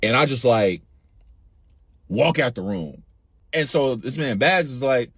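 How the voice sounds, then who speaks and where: A young man telling a comic story, slangy and animated, acting out what others said. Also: mid-range voice, unhurried, long pauses, breathy edge, no room sound. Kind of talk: storytelling stand-up.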